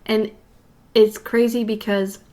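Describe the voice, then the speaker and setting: A woman co-hosts a podcast, chatting casually at an ordinary middle pitch. She rambles through her thoughts with plenty of "like" and "you know". Her voice sits in an everyday register. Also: flat delivery, takes it slowly, warm tone. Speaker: podcast co-host. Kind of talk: casual chat.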